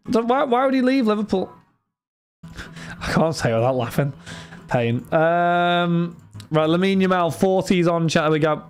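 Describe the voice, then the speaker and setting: Young guy hosting a live card-break stream, smooth clear voice, a bit high, chatty and rambling. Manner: chatty, addresses chat and viewers by name, frequent restarts. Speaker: livestream host running card breaks. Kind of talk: casual livestream chat.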